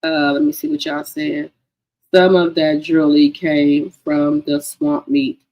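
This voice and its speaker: A woman's voice: deep voice, steady tone, unhurried, dark tone, rough recording. A woman hosting a casual gossip livestream, chatty and profane, talking to her viewers as girlfriends. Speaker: livestream host.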